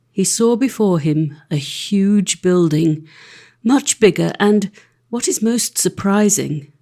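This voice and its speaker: A woman narrating a classic fairy-tale audiobook with an expressive, lively reading. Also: mid-range voice, creaky. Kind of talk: storybook narration.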